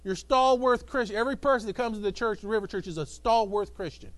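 A male pastor delivers an emphatic sermon in a church sanctuary, trading call-and-response with the congregation and acting out different voices. His voice is high and he speaks fast.

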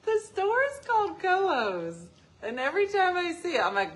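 A woman's voice: very high voice, huge pitch swings, moderate pace. A woman hosting a casual live stream, joking and teasing as she answers viewer comments. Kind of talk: casual chat.

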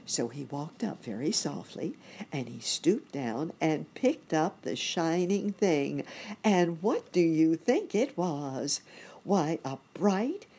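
A woman reading a children's bedtime story aloud in a gentle, expressive way. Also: sits low, slow, a little hiss or hum.

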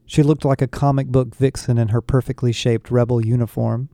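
Smooth mellow male storyteller. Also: medium pitch, brisk, dry recording, clean studio sound. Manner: steady storytelling delivery. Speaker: audiobook narrator. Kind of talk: first-person story narration.

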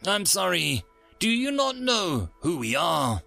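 Man doing a cool steely marine sergeant, grinning confidence, raised pitch, rough edge. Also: big pitch swings, moderate pace, bright, forceful tone, no room sound, faint music behind, full character voice. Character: calm, steely human marine staff sergeant.

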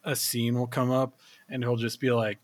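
A male podcast host tells a story in a casual chat, swearing a lot, laughing, and tossing off quick impressions. His voice is mid-range with a flat delivery.

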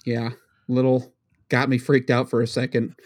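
Here a New England man in his thirties speaks in a mid-range voice, delivering flatly at a moderate pace. A father and podcast co-host, he rambles casually, giggling and restarting his sentences with stammers.

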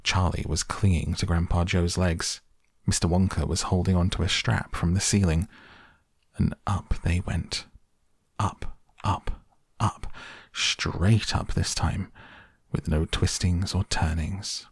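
A man reading a children's story aloud in a measured, expressive narration. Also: deep voice, husky, dry recording, studio quality. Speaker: audiobook narrator.

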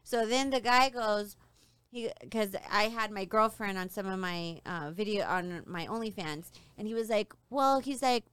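A woman's voice: medium pitch, moderate pace, clean tone, dry recording. A young adult woman telling a story in casual chat, acting out the quotes of other people with a shifting voice. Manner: animated, acts out quotes with shifting voice. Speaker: podcast co-host telling a story.

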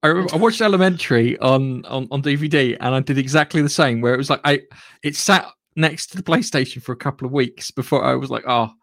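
A man's voice: medium pitch, quick pace, fairly bright tone, no echo. A man co-hosting a podcast in a rambling, casual way. He swears freely between tangents. His voice sits in a mid register and is recorded dry and close. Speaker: podcast co-host. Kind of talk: casual chat.

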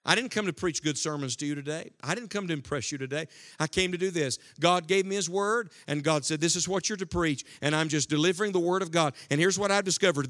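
A man preaching a sermon to a congregation, swinging between loud, forceful lines and hushed ones. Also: on the high side, expressive, fairly quick. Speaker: evangelist. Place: church hall before a congregation.

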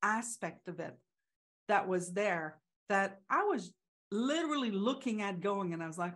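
A woman in casual, reflective conversation, talking haltingly with many restarts and acting out the voices she quotes. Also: mid-range voice, expressive, fairly bright tone.

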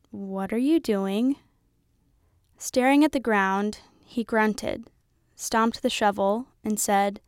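Smooth, higher-voiced woman narrating a novel. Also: no room sound, studio quality. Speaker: audiobook narrator. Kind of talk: first-person novel narration.

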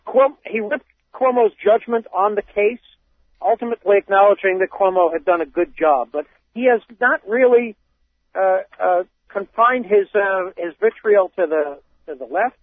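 A man's voice: high voice, dry recording. A man co-hosting a talk radio show, wryly reading news quotes aloud with many hesitations. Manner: wry, reads quotes aloud with many ums. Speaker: radio co-host. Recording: tinny phone-like radio sound, dry.

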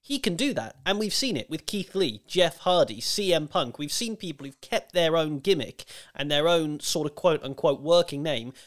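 A man talks through his argument on a podcast and plays devil's advocate in a reasoned way. His pitch moves around a lot, and he adds quick asides between points. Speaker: podcast co-host. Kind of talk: casual podcast chat.

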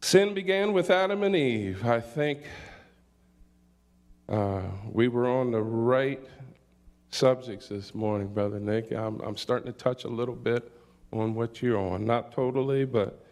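An older man preaches a sermon slowly and deliberately, reading scripture aloud and calling out hallelujah between points. His voice is medium in pitch with a darkish tone.

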